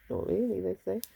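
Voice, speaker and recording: A woman's voice: mid-range voice, gravelly, warm tone, breathy edge. A woman rambling casually to herself in a vlog, muttering and trailing off. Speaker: vlogger.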